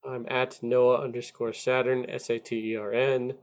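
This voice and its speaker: A man's voice: mid-range voice, little pitch movement, moderate pace. Dry-quipping man from Iowa. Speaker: podcast co-host. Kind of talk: casual movie chat.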